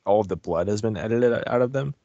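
A man co-hosting a podcast in casual chat, easygoing and quick to laugh. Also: fairly low pitch, mellow, no room sound, muffled recording. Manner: easygoing, chatty, laughs often. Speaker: podcast co-host.

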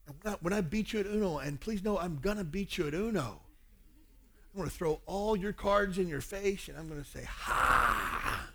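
A man's voice: high-pitched, brisk, a little hiss or hum. A man in his forties preaching a sermon on parenting, telling a personal story and acting out family dialogue. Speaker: pastor.

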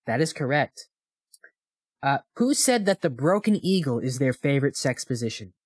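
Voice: medium pitch, animated, normal speed, slightly rough, no echo, clean studio sound. A podcast host running a quiz on a co-host, in casual chat, playful and teasing.

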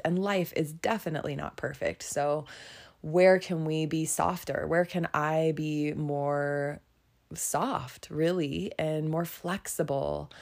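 A woman's voice: deep voice, darkish tone. A young adult woman hosting her own podcast, talking candidly and reflectively about herself and often breaking into laughter. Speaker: podcast host and yoga teacher. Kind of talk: casual solo podcast monologue.

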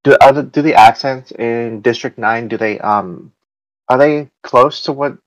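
A man's voice: mid-range voice, measured pace, no echo, low-quality recording. Chatty American man hosting a podcast. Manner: chatty and rambling, with many fillers and restarts. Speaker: podcast host. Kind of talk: casual podcast chat.

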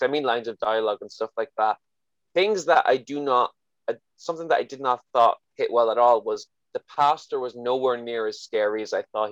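A man's voice: mid-range voice, dry recording, dull audio. A man co-hosting a horror film podcast, giving his opinions hesitantly with fillers and restarts. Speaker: podcast co-host. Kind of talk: casual film review chat.

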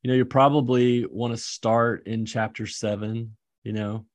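A man's voice: medium pitch, little pitch movement, normal speed, dry recording. A man who teaches seminary, thinking aloud with enthusiasm and fillers while talking through lesson ideas. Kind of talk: casual teaching-prep chat.

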